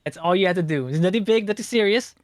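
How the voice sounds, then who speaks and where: A man's voice: high voice, quick pace, no room sound, clean studio sound. A man who is a guest streamer on a podcast, chatting casually and repeating phrases as he rambles. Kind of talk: casual chat.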